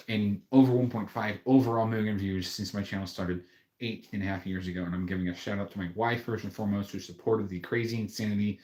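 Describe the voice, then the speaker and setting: A man with a fairly low voice chats casually on his own livestream, rambling in a friendly way. His voice bounces around an echoey room. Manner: rambling, friendly, with fillers and restarts. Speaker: YouTube livestream host.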